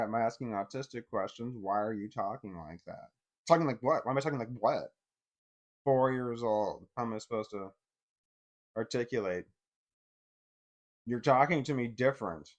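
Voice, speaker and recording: A middle-aged man speaks in a blunt, heavily profane way, telling a personal story straight to camera. His voice sits at an ordinary pitch for a man. He swings between heated outbursts and low, bitter muttering. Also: moderate pace, long pauses.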